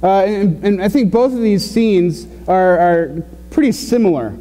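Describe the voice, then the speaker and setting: Halting pastor with a warm voice in a reverberant sanctuary. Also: male voice, sits high, animated. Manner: conversational, halting with many fillers and restarts. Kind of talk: sermon. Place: church sanctuary.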